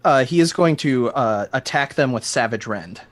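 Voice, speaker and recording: A man's voice: mid-range voice, lively intonation, moderate pace, no echo. A man playing a tabletop game, hesitant and full of fillers. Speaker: player.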